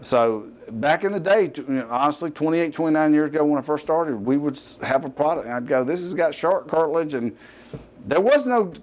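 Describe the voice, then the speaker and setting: A man's voice: on the high side, sing-song, fairly quick. Rambling Southern man hosting fitness TV. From US Gulf Coast. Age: middle-aged. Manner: rambling, self-interrupting, joking asides. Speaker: fitness show host. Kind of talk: casual unscripted TV talk.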